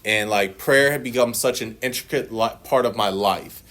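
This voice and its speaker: At a recovery meeting, a man in his forties shares his story in a lowish voice at a moderate pace. It's an animated, foul-mouthed telling, punctuated by laughter and acted quotes from others.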